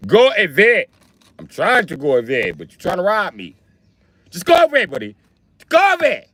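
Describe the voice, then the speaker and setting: A man voicing a high-voiced male robber with a gun, who pleads politely and then makes shrill threats, recorded on a phone inside a car. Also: wildly swooping pitch, fairly quick, pushed and bright, no room sound, full character voice. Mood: pleading.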